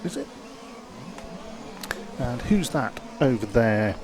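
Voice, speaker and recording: A man's voice: mid-range voice, sing-song, takes it slowly, a little mellow, a little hiss or hum. A man filling in on live race commentary, hesitant and unsure of himself. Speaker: stand-in co-commentator.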